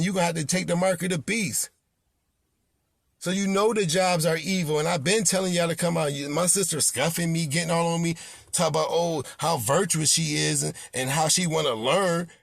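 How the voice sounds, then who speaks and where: Gravelly, scolding male preacher. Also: a little high, dry recording. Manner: scolding, confrontational, repetitive rebukes. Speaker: self-styled prophet preaching. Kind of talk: impassioned sermon.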